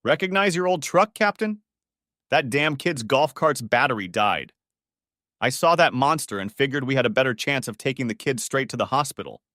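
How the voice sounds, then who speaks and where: A man voicing his brash male landscaper friend in an audiobook story, loud and eager. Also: mid-range voice, animated, moderate pace, no room sound, studio quality. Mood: excited.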